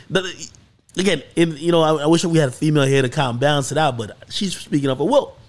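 A man hosting a podcast, telling a story in casual chat with lots of swearing and excited peaks. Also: a little high, fast talker. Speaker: podcast host.

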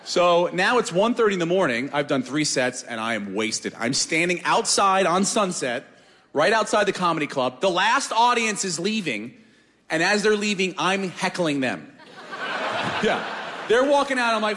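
A man doing a stand-up comedy set, animated, swinging from loud shouted bits to low mumbles. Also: moderate pace, in a large hall.

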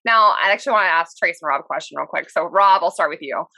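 A woman hosting a casual podcast chat, bubbly and quick to laugh. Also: lowish voice, bright, forceful tone, dry recording. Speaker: podcast host.

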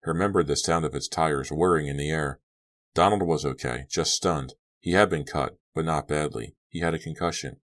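A man narrating an audiobook in steady, clipped storytelling. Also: a bass voice, normal speed. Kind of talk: scripted narration.

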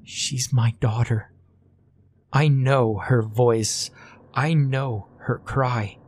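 A man's voice: mid-range voice, steady tone, very slow, darkish tone, breathy edge, pitched above the performer's own voice. A man voicing a frightened, grieving mother who talks in a trembling, shaky voice, holding back tears. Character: frightened grieving mother, middle-aged woman.

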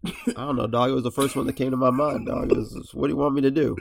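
A man's voice: mid-range voice, steady tone, fast talker, vocal fry. A man hosting a casual sports podcast, nasal and congested, joking and teasing his co-hosts. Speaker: podcast host.

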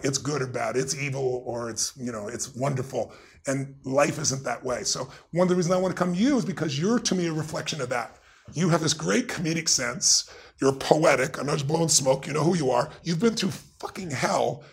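A middle-aged man, a guest in a conversation, telling stories in an emphatic, animated way with a gravelly, raspy voice. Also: a little high. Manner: emphatic, swings into loud excited retellings.

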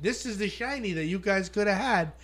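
A man's voice: sits high, expressive, a little fast, fairly bright tone. A man bantering with friends, boastful and gloating, swearing freely. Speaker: fantasy league winner. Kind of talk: casual banter among friends.

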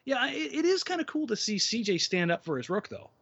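A man's voice: very high-pitched, sing-song, fairly quick, vocal fry, a bit bright, breathy edge. A man co-hosting a casual basketball podcast, opinionated and rambling, often restarting his sentences. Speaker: podcast co-host. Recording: muffled lo-fi podcast audio.

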